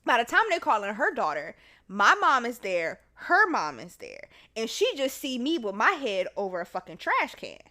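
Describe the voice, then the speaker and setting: A woman podcast host telling a story in casual chat, animated and laughing, acting out the people in it. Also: a little high, normal speed.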